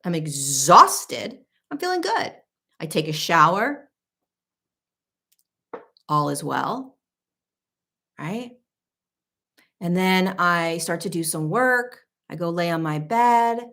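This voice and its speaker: Speaking to camera, a woman in her thirties who works as a spiritual teacher chats in a mid-range, slightly bright voice. Her manner is casual and lively, and she voices her own inner thoughts with some frank, mild swearing.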